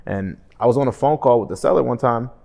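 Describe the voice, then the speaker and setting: A young man talking casually to his vlog audience, often tagging his points with "right?" and calling himself monotone. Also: mid-range voice, fast talker, vocal fry. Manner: conversational, frequent "right?" tag questions, self-described monotone. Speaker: real estate wholesaler and vlogger. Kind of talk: casual motivational vlog talk.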